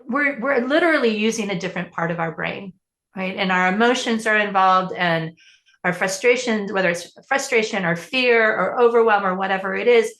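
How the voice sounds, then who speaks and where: A woman's voice: mid-range voice, brisk, a bit bright, echoey room. A woman parenting coach answering interview questions in an earnest, explanatory way, often restarting her sentences.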